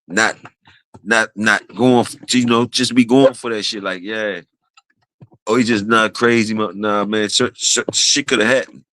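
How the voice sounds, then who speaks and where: A man on a livestream, rambling in casual chat with profanity, often laughing and quoting others with animated, raised delivery. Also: fairly low pitch, unhurried, low-quality recording. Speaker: streamer host.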